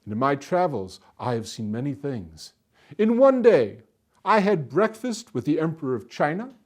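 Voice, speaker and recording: A hungry soldier home from the war, polite at first, then a grand, persuasive showman, as a storyteller puts him on. His voice swoops through a lively, wide pitch range, pitched a little above the middle. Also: moderate pace.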